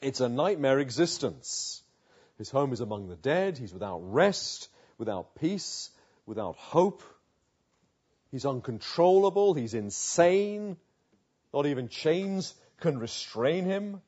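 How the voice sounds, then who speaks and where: A man's voice: medium pitch, very animated, takes it slowly, darkish tone, slightly rough, muffled recording. A man preaching a sermon, building vivid pictures through repeated rhetorical questions.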